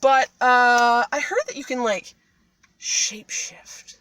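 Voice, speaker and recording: A sly flattering talking tomcat, as a woman puts him on. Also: fairly high pitch, slow pace, clear, resonant tone. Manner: flattering, wheedling, casual slang. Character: sly smooth-talking male cat.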